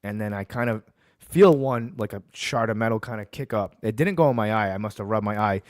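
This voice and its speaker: A man's voice: on the low side, a little fast, dry recording, studio quality. Fired-up man hosting sports talk. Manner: heated ranting, then relaxed storytelling. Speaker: podcast host. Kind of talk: casual sports talk and storytelling.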